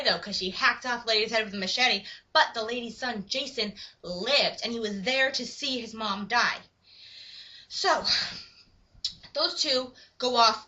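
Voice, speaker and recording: A woman's voice: fairly high pitch, bright, forceful tone. A young woman casually retelling a horror movie, acting out the sound effects and bits of dialogue. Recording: muffled lo-fi recording.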